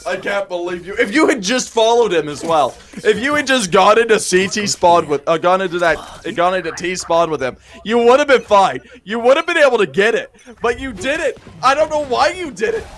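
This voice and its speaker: A man casting an esports match live, emotional and prone to shouting at the players in frustration. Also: high voice, very animated, a little fast. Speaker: esports caster. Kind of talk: live play-by-play commentary.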